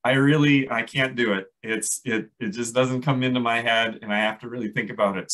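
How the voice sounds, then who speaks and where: Minnesota-accented man, ecologist teaching a casual plant class, chatty and halting with lots of ums and restarts. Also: medium pitch, steady tone, fairly bright tone, poor audio. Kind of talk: casual lecture on native plants.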